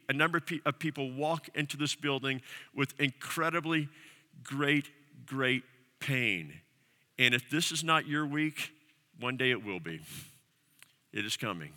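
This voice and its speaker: A man's voice: mid-range voice, a little slow, pauses often, sharp tone, long reverb tail. A male pastor preaching a sermon, earnest and emphatic, building his points through repeated phrases and pointed questions. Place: church sanctuary.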